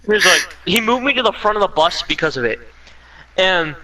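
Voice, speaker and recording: A young man casually telling a story while gaming, animated and laughing, mimicking voices. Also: on the high side, brisk. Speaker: streamer. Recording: distant mic with faint noise.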